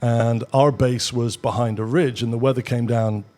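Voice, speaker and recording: A middle-aged man from the United Kingdom, a former military pilot, telling a story in a measured, explanatory way as a podcast guest. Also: medium pitch, steady tone, darkish tone. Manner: measured, explanatory, pausing to rephrase. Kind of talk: casual conversational storytelling.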